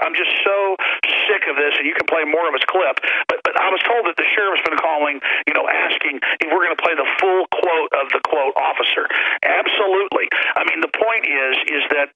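A man ranting on talk radio with a gravelly, rough edge in his fairly high voice. He presses his points insistently and stumbles over repeated words. The sound is dull and lo-fi, like a broadcast feed. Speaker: radio talk show host. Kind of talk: heated talk radio monologue.

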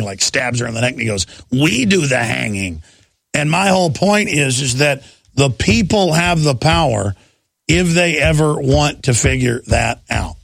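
A man's voice: mid-range voice, creaky, a bit bright, no room sound. A man hosting a radio talk show, delivering a fiery, emphatic monologue that rallies his listeners. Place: radio studio. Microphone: studio microphone.

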